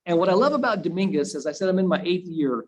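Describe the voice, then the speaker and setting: A man, a university administrator, giving a halting speech in a video meeting from his own room, repeating words and pausing on fillers. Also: high-pitched, expressive, poor audio. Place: home room used for video calls. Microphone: computer video call.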